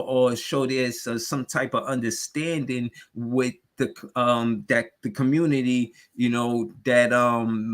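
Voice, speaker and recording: A man's voice: mid-range voice, bright, forceful tone. A man hosting a sports podcast in casual, rambling talk full of filler phrases. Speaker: podcast host.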